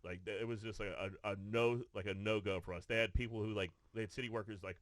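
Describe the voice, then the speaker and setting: A podcast co-host, a man, spins a profane story in casual studio chat, repeatedly restarting and acting out what people said. He speaks fast at a fairly low pitch with fairly even intonation, and there's no room sound.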